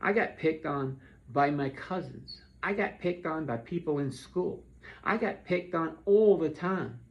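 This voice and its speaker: A man speaks earnestly to his viewers in a pleading, heartfelt monologue, stumbling and repeating words as he goes. His voice sits a little high and has a gravelly edge. The recording sounds dull and lo-fi. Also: a little slow. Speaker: vlogger. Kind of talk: earnest direct-to-camera monologue.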